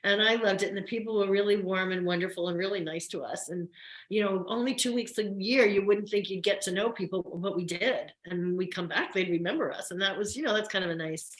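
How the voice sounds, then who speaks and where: Older actress with New Jersey accent, fast and chatty, echoey room, casual interview guest. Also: female voice, medium pitch. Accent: New York–New Jersey. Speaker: guest, soap opera actress.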